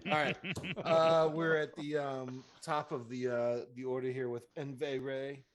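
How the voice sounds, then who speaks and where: A man acting as game master in a casual tabletop session, talking with relaxed, wry asides. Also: medium pitch, measured pace, a crowd in the background.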